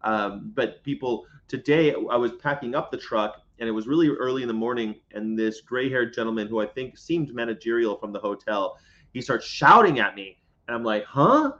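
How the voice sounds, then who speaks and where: A man's voice: medium pitch, moderate pace, a bit bright, lo-fi sound. A man chatting casually on a livestream, rambling and joking while he answers viewer comments. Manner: rambling and jokey, reads viewer comments aloud. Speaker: vegan livestreamer. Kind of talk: casual live-stream chat. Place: inside a parked box truck.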